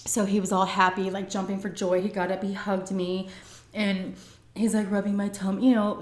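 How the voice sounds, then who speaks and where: A woman's voice: medium pitch, flat delivery, normal speed. A woman vlogger telling a personal story in a casual, chatty way, with many "like" and "um" fillers. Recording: echoey room.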